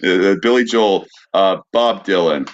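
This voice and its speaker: A male podcast host talking casually, often stalling on fillers as he hunts for names. His voice sits a little low. The sound is muffled and lo-fi, like a call recording. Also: slight background noise. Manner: rambling, halting, with many fillers. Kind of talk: casual chat. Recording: dull, lo-fi call audio.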